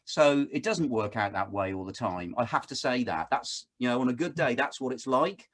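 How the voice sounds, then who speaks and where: A man in his fifties talks on a video call in an animated, storytelling way. His pitch rises and falls a lot as he acts out the voices in his stories. He sounds mid-range and easygoing. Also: moderate pace. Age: 50s. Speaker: guest speaker. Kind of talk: casual conversation on a video call.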